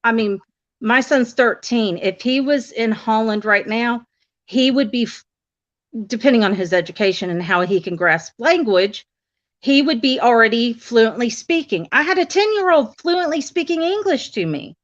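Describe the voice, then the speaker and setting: A woman's voice: fairly high pitch, animated, moderate pace. A middle-aged woman in casual conversation, rambling and restarting her sentences often. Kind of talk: casual chat. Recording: dull lo-fi audio.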